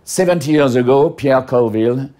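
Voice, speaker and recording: A man's voice: medium pitch, normal speed, warm tone. A man with a French accent, giving a hesitant interview testimony full of fillers and restarts. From France.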